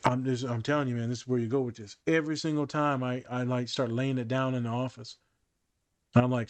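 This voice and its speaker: A man's voice: mid-range voice, fast talker, dry recording. A man hosting a casual podcast chat, a therapist telling stories from his office and acting out the quoted dialogue. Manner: animated storyteller who acts out quoted dialogue.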